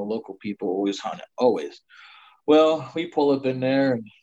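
Rambling with many fillers, a middle-aged man shares a long personal hunting story as a guest in casual conversation. His voice is mid-range with a darkish tone, heard through slightly dull lo-fi sound.

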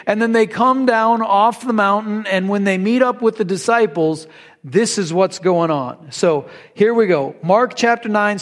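A male preacher with a high-sitting voice delivers a conversational sermon, reading scripture aloud and then retelling it in an animated, story-like way.

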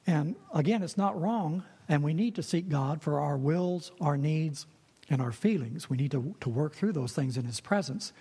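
A man delivers a sermon in earnest, repeating phrases to drive them home. His voice sits a little high and is slightly husky. The sound carries a long reverb, as in a large church hall. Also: expressive, moderate pace, mellow. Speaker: preacher.

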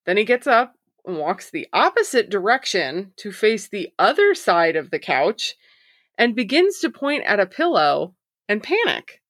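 A woman's voice: mid-range voice, big pitch swings, a little slow, fairly bright tone, no echo, clean studio sound. A woman hosting a podcast, reading listener stories aloud in a casual way, swearing freely and laughing often. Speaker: podcast host.

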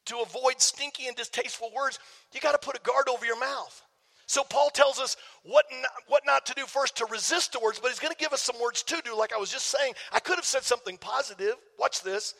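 A man, a pastor preaching a sermon, telling a story with jokes for the congregation in an animated way. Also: very high-pitched, creaky. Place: church sanctuary. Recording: long hall reverb.

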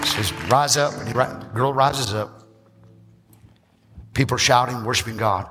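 A male pastor preaching a sermon, acting out church members and rising into shouts. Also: medium pitch. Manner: acts out church members in quick asides. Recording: reverberant hall with music behind.

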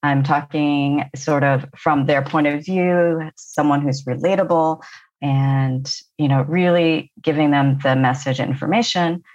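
A woman's voice: sits low, steady tone, unhurried, a little mellow, muffled recording. A woman guest on a business podcast, answering modestly about her speaking experience and laughing often. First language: not Japanese; speaks to Japanese audiences. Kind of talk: interview answers.

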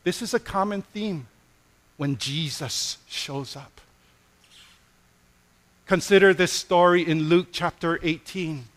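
Slow, bright-voiced male pastor preaching. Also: fairly high pitch. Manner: dramatic retelling, acts out voices in his stories; slow, gentle and hushed on key phrases. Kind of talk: sermon.

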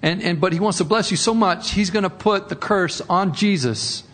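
A man's voice: sits high, normal speed, a bit bright, big-room sound. A man preaching a sermon in a conversational way, often repeating words and rising for emphasis. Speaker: pastor.

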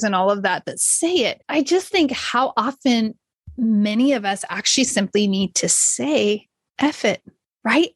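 A woman's voice: a little high, dry recording. A woman hosting a podcast, telling a motivational story in an earnest, upbeat way and laughing often. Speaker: podcast host.

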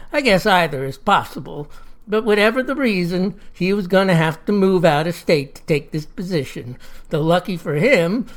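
Folksy woman telling a fireside tale. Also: on the low side. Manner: folksy, chatty. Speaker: storyteller.

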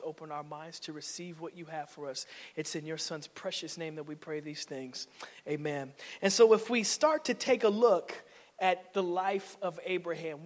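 Preacher, male, high voice, playful then loud, reverberant sanctuary. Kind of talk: sermon. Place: church sanctuary.

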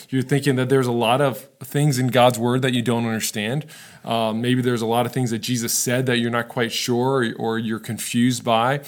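A man preaching a sermon to viewers in a casual, earnest way, often checking in with the listeners. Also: medium pitch. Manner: conversational, earnest, frequent "right?" asides. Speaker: pastor. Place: recorded for online viewers.

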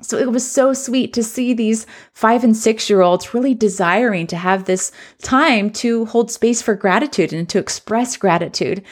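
A woman's voice: fairly high pitch, moderate pace, hardly any pauses. A woman, a former teacher now working as a coach, telling a personal story in an earnest, reflective way. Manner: earnest, reflective, re-enacts children's voices.

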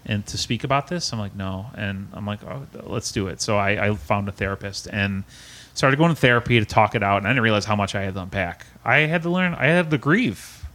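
Earnest man with a lowish voice. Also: fairly quick, a bit bright. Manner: earnest and emotional, with frequent restarts and repeated words. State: close to tears at times. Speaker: podcast guest. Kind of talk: personal storytelling in an interview.

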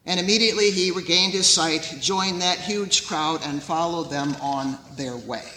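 A man preaching a sermon as pastor, in a measured storytelling way. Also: on the high side, bright, forceful tone, roomy sound, long reverb tail, a little hiss or hum, low-quality recording.

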